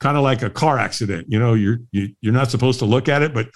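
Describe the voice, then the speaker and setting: A middle-aged man, a guest on a podcast, telling a story in a lively way and laughing often. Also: medium pitch, quick pace. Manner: lively, laughs often, acts out the voices of others. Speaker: guest, firewalk instructor. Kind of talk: animated storytelling in a podcast interview.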